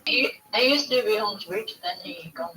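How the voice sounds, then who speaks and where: A woman's voice: mid-range voice, moderate pace, pushed and bright, slight background noise. A woman in a casual chat, giving brief, matter-of-fact replies.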